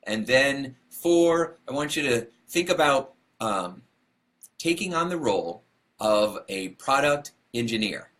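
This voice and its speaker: A man's voice: mid-range voice, expressive, slow pace, a bit bright. A man giving a motivational talk, telling a story and acting out what people said, laughing at himself along the way. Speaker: motivational speaker.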